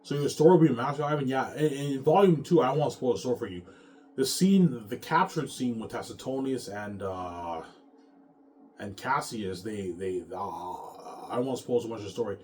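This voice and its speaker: A male author talking in a casual monologue, animated, often stumbling and restarting his sentences. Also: medium pitch, moderate pace, a little hiss or hum. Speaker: author and vlogger.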